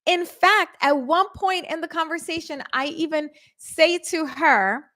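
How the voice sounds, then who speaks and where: A middle-aged woman host telling a story casually to her listeners, animated and acting out quotes with shifts in her voice. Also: extremely high pitch, a little slow. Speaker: podcast host.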